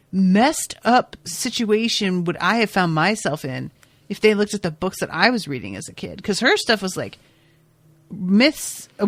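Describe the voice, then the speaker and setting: A woman podcast host casually recapping a TV episode, chatty and expressive, swearing now and then. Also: mid-range voice, no room sound.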